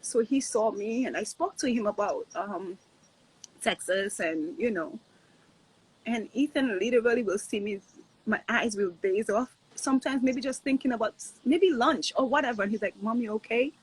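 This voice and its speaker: A husky-voiced woman in her thirties speaks in a casual, heartfelt way as a guest. She is earnest and reflective, repeats her points, and checks in with "right?". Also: on the high side, moderate pace, dry recording, low-quality recording. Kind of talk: casual heartfelt chat on a live stream.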